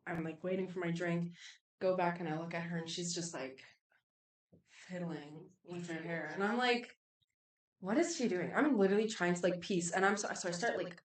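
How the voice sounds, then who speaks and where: A woman with a fairly low voice tells a night-out story, swearing freely and acting out each exchange. The mic sits back from her, so the sound is distant and roomy. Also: moderate pace. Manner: animated, profane, filler-heavy, acts out dialogue. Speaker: podcast guest, club promoter. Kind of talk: casual storytelling.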